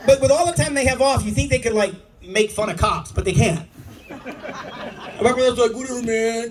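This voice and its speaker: A man's voice: sits high, far from the mic, noisy background. A middle-aged man telling stories in a stand-up comedy set, acting out the lines of the people in them. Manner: storytelling, acts out people's lines. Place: comedy club stage before a live audience. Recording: audience recording from across the room. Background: loud laughing crowd.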